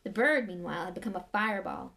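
A woman reading a novel aloud with expressive, measured storytelling. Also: fairly low pitch, creaky. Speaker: reader.

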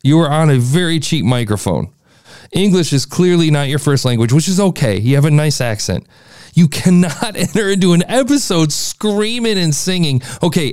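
A man's voice: a little high, darkish tone, no echo, clean studio sound. A man hosting a podcast, giving a blunt, exasperated critique of a listener's show. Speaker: podcast host reviewing listener shows.

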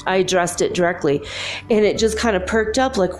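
A woman telling a comic story in a deadpan, rambling way, breaking into laughs. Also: mid-range voice, normal speed, faint music behind. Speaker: comedic storyteller. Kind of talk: comic monologue.

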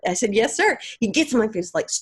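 A woman's voice: mid-range voice, expressive, rapid-fire, husky. A young woman from the American South, a guest actor, with a light Southern accent, telling stories and acting out the people in them. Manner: storytelling, acts out quoted people. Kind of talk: casual interview chat.

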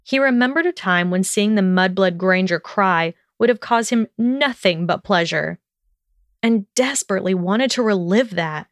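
Woman storyteller, smooth clear voice, measured narration. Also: mid-range voice, lively intonation, no room sound, clean studio sound. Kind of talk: storybook reading.

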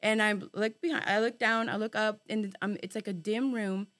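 A woman telling a long personal story in casual group chat, animated and full of swearing and fillers, dropping in bits of Spanish slang. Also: medium pitch, fairly quick.

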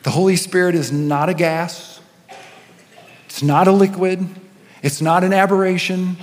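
A man's voice: high-pitched, fairly even intonation, a little slow. A man, a senior pastor, preaching a sermon with storytelling and rising and falling intensity. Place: church auditorium. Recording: long hall reverb.

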